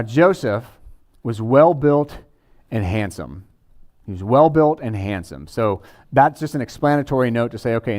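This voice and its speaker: A man's voice: medium pitch, a little mellow. A man preaching a sermon in a conversational way, with casual asides to the congregation. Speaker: pastor.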